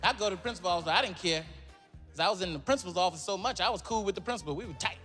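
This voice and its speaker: A male comedian telling stories in an animated, punchy way, often laughing. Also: high-pitched, very fast, faint music behind. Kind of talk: stand-up storytelling.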